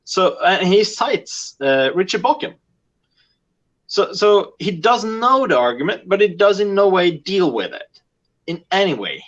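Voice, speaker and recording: A man's voice: sits high, big pitch swings, unhurried, fairly bright tone. A man from Norway with a Norwegian accent, a guest in a casual online chat, talking hesitantly with many fillers over a video call. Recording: dull lo-fi call audio.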